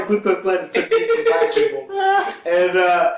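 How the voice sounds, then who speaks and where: A man's voice: normal speed, echoey room, noisy background. A young man, a stand-up comedian, telling a story in a casual interview, acting out the voices of the people in it and laughing often. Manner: animated, acts out quotes with big pitch jumps, laughs often.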